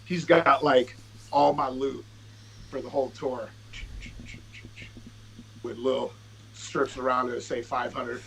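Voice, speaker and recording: A man's voice: medium pitch, slow pace, vocal fry, pauses often, a little hiss or hum, low-quality recording. A man guest on a podcast, a rapper telling a casual, profane story and acting out what people said. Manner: profane, animated, acts out quotes.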